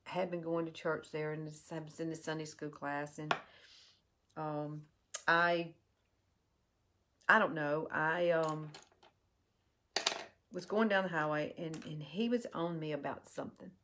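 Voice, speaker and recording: A woman tells a heartfelt personal story while doing a makeup tutorial, in an earnest, halting way. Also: deep voice, steady tone, noisy background. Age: 50s. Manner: earnest and heartfelt, with halting restarts and soft drop-offs. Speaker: beauty vlogger.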